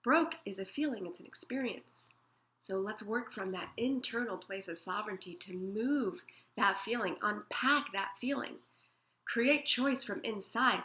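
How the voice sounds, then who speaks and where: Brief: woman, self-help teacher, gentle and soothing, bright clear tone, mid pitch. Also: a little slow. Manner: gentle, soothing, acts out feelings in quoted asides. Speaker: emotional wellness teacher. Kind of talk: guided self-help talk.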